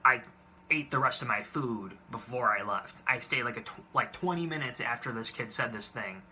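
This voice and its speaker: A man's voice: medium pitch, moderate pace, sharp tone, a little hiss or hum. A man in his twenties telling date stories to camera in a casual, exasperated and profane way, rambling with restarts. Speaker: vlogger.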